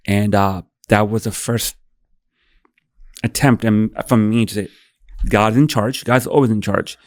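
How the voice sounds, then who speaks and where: A man's voice: lowish voice, fairly even intonation, measured pace, long pauses, no echo, studio quality. A man in his thirties, a podcast guest, telling an emotional story, acting out dialogue and swearing freely. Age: 30s.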